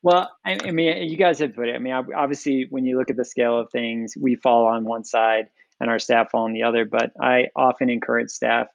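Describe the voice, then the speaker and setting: Gravelly man, dull dry recording. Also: medium pitch, steady tone, a little fast, few pauses, dry recording. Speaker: podcast host. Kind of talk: podcast conversation.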